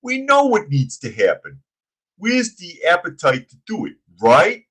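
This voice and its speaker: This is a bumbling, dim-witted tough guy with a thick accent and broken grammar, as a man puts him on to mock someone. The voice sits well above the man's usual pitch and sounds goofy and caricatured. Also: wildly swooping pitch, a little slow, a bit bright, full character voice. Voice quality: bumbling broken grammar with "bada bing" catchphrase. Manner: mocking caricature.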